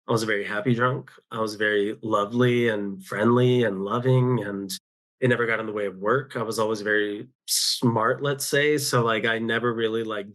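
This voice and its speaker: A man's voice: medium pitch, fairly bright tone. Man candidly recounting, restarting often. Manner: open, rambling, with many restarts and self-quotes. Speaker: podcast guest. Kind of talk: candid personal storytelling. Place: home.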